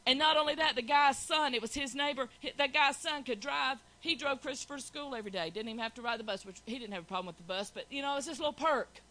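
A woman's voice: high voice, fast, few pauses, bright, forceful tone, poor audio. A middle-aged woman giving an earnest, folksy church testimony and telling a personal story. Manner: earnest, storytelling, Southern colloquial.

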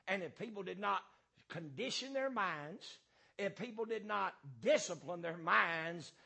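A man preaching a fiery sermon as pastor, hammering points through repetition and filling pauses with "uh" and "um". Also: sits high, vocal fry, sharp tone, breathy edge.

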